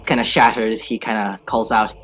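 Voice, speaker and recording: A man narrating as game master in a casual way, with fillers, drawn-out phrasing. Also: fairly low pitch, little pitch movement, fairly bright tone, rough recording.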